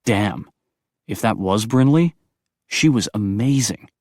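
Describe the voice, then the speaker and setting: A man with a fairly low voice narrates an audiobook. His storytelling is brisk and expressive, and his pitch rises and falls a great deal. The recording is dry and close. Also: no echo.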